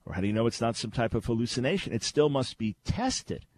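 A man hosting a call-in radio show, telling stories with lively emphasis and repeating key phrases. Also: medium pitch, quick pace. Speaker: radio host.

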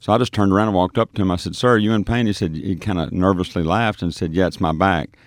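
A man with a deep, low voice tells a story of his street ministry, stumbling and restarting as he goes. He acts out the dialogue he recalls. The recording is dry and close. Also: fairly even intonation, fast, no echo. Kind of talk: telling a testimony on a radio show.

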